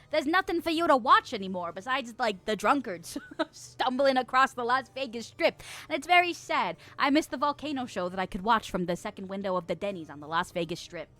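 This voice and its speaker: A woman's voice: a little high, pushed and bright. A young woman streaming and chatting with her viewers, rambling, laughing often and acting playfully indignant. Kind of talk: casual chat reading stream chat.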